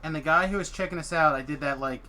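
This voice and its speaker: Animated storytelling man, bright voice. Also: fairly high pitch, quick pace. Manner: animated, swearing, acts out quoted people. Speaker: streamer. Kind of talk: casual storytelling while gaming.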